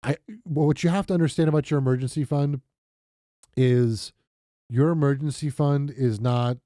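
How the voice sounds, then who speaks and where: A man walks through his budget on screen in a relaxed, rambling way, dotting his talk with ums and false starts. His voice is very dark and mellow at a medium pitch. The sound is dry and close, with almost no room in it. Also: moderate pace, dry recording. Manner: chatty, self-deprecating, many fillers and restarts. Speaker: budgeting vlogger. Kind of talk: casual screen-share walkthrough.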